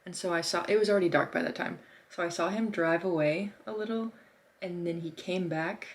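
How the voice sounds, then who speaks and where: Young woman, casual vlog storytelling, chatty, lots of fillers, slightly low voice. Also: brisk. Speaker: artist vlogger.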